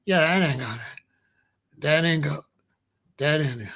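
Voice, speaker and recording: This late-sixties show host has a voice on the high side, a bit bright and husky with vocal fry, and he keeps a measured pace. He tells family stories casually, in a streetwise, boastful monologue with lots of slang.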